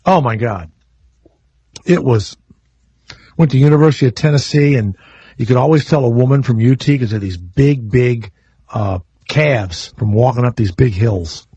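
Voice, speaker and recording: Man, radio host, husky voice, dry studio sound, brash and profane, slightly dull broadcast audio. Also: mid-range voice, normal speed, mellow, no room sound. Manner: brash, joking, crude and profane. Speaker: radio talk show host. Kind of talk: casual call-in radio banter.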